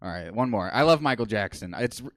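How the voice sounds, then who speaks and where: Man in his twenties, stand-up comic, deadpan, self-mocking, lowish voice, smooth tone, dry sound. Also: brisk, no room sound. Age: 20s. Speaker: stand-up comedian. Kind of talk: stand-up set. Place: small comedy stage.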